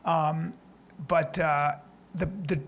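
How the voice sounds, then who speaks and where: A man hosting a podcast, talking in an animated way and tagging lines with "okay?" and "all right?". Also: fairly high pitch, extremely slow, creaky. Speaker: podcast host. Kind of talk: energetic ad read, then casual interview. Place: parked car.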